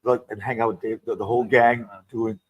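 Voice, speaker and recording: An older man, a guest performer, telling animated, gossipy show-business stories in casual chat and acting out the people he quotes. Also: on the low side, fairly quick, breathy edge, dry recording, low-quality recording. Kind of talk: casual storytelling. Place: radio studio.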